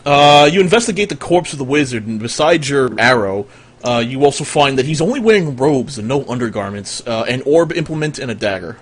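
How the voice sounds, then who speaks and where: A young man running a tabletop game as game master over voice chat, relaxed and quick to laugh. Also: mid-range voice, breathy edge. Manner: relaxed, laughs easily, swears casually.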